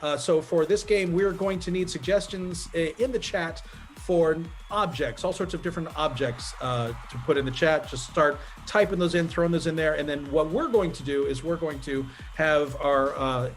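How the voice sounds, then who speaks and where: A man's voice: a little high, normal speed, faint music behind. A man hosting a live online improv show from a video call, upbeat and chatty with frequent fillers.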